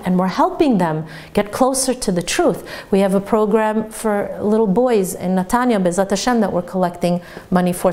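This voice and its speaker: A woman teacher giving a sermon-style Torah lesson, telling stories lively and laughing along the way. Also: mid-range voice.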